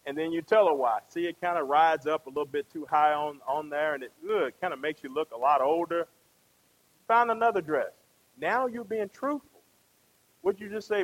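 A man's voice: sits high, moderate pace, poor audio. A man preaching a conversational sermon, often asking the congregation questions and tagging them with "right?".

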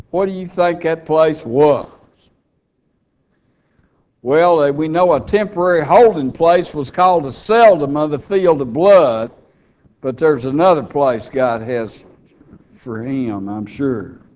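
A man's voice: on the high side, darkish tone, smooth. A man preaching an expository sermon, reading scripture aloud and explaining it to his congregation. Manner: teaching, reads scripture aloud, asks the crowd questions.

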